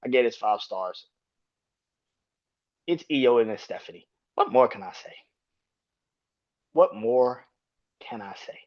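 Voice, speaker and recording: A man hosting a podcast, reviewing wrestling in a casual, profane rant. He keeps jumping into high-pitched outbursts. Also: animated, slow, long pauses, muffled recording. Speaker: podcast host.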